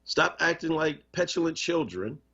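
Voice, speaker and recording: A man's voice: fairly high pitch, animated, normal speed, a bit bright. A man hosting a live radio talk show, speaking in an impassioned, conversational and emphatic way. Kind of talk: live radio talk, reading listener comments. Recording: muffled radio stream.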